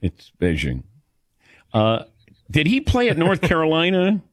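Lively chatty Midwestern radio host. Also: male voice, a little high, measured pace, dry recording, studio quality. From American Midwest. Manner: chatty storyteller, laughs easily, calls on co-hosts by name. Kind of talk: casual sports talk radio banter.

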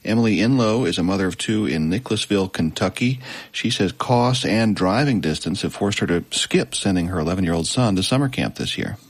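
Deep husky-voiced male reporter. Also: lively intonation, brisk, dry recording. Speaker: correspondent. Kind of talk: news report.

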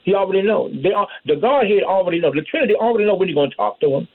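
A man delivers a fervent sermon in a high, husky voice, punctuating his points with amen and hallelujah. The sound is tinny and narrow, like a phone-line radio broadcast. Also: animated, very fast. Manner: call-and-response preaching, repeats amen and hallelujah. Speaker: preacher.

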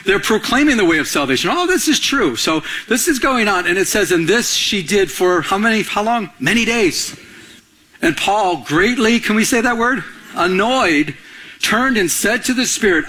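Animated husky-voiced male pastor. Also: high-pitched, moderate pace. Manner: animated, conversational, asks the congregation questions. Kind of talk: sermon.

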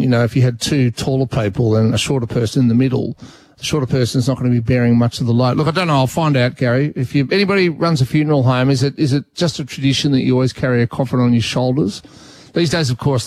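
A talkback radio host, an Australian man, chats casually with callers and thinks out loud, often restarting his sentences. His mid-range voice is recorded dry and close on a studio mic. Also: mid-range voice, no echo. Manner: chatty, thinks aloud with restarts.

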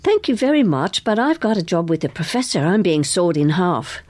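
A woman's voice: lowish voice, very animated, normal speed, darkish tone, no room sound. A woman voicing an eager, polite young woman.

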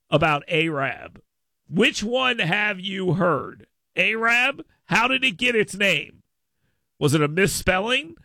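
A male talk radio host with a gravelly voice and a bright, sharp tone that sits a bit high. He rambles playfully with restarts and makes mock-grand proclamations. He is heard on a dry, close studio microphone. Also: no room sound. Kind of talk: casual talk radio banter.

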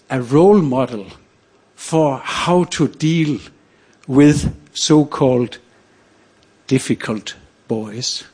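An older man from Denmark, telling a personal story on stage in a measured, reflective way with pauses. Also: a little high, breathy edge. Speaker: storyteller, priest.

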